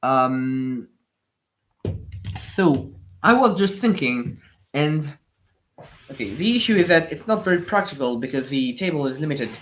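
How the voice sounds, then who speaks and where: A man's voice: a little high, animated, measured pace, pauses often, fairly bright tone, slight background noise. A young man with a French accent chats through a casual livestream. His speech rambles, with frequent fillers, restarts and repeated words as he reacts to viewers. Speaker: livestream host building Lego.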